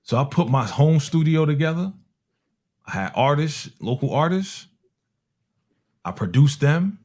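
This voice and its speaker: A middle-aged man from Harlem, telling animated, slangy stories in casual chat and acting out the voices of people in them. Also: a little high, measured pace. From Harlem, New York. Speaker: music producer telling stories on a talk show.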